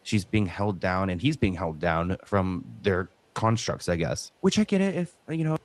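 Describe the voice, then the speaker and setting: A man's voice: sits low, animated, normal speed. A man hosting a talk stream, reading news and online comments aloud with hedging asides. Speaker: podcast host.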